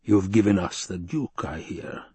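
A man's voice: deep voice, measured pace, a little mellow, slightly rough, no echo, full character voice. A man voicing a cruel, gloating baron villain who spits his words with menace, in a storybook reading. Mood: sneering menace. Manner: sneering, menacing, spitting words.

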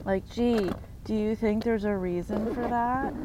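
Woman, slow sarcastic rant, outdoors with traffic noise behind. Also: on the high side, steady tone. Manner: sarcastic, swearing, rhetorical questions. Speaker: vlogger. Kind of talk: angry profane rant to camera.

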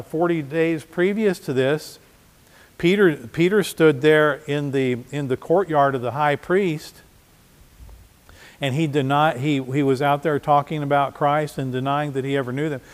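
A man's voice: a little high, moderate pace. Preaching man in a reverberant hall. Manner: conversational preaching with repeated restarts. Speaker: pastor. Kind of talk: sermon. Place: church.

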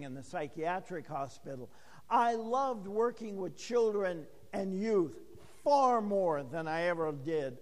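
A man's voice: high-pitched, big-room sound. An older man preaching a sermon, telling folksy stories and acting out the dialogue himself. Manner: folksy storytelling with acted-out dialogue. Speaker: pastor.

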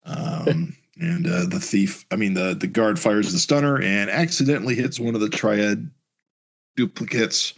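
A man's voice: lowish voice, unhurried, creaky, slightly rough. A man co-hosting a podcast, recapping a comic book and acting out the characters' lines in raised voices. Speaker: podcast co-host reading a comic aloud.

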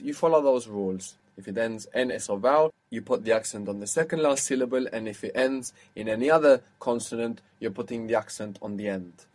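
A man teaching a one-on-one language lesson, patiently explaining step by step and quizzing his student. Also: mid-range voice.

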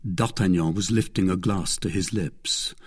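A man narrating a classic novel aloud in an expressive storytelling manner. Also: sits low, measured pace, husky. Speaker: audiobook reader. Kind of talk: scripted narration.

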